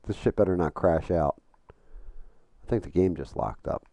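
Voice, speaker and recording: A middle-aged man with an extremely low, dark voice, chatting on a live game stream. He swears often and tells long, rambling stories full of restarts. The sound is dry and close. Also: measured pace, gravelly, dry recording. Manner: profane, storytelling, rambling with restarts. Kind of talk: casual live-stream chat while gaming.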